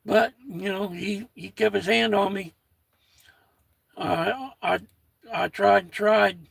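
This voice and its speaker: A man's voice: high-pitched, fairly even intonation, takes it slowly, creaky, long pauses, slightly rough, dry recording. An older American man with a folksy manner, chatting casually on his own livestream and reading out viewer comments. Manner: folksy, reads out viewer comments, warm toward chat. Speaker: livestream host.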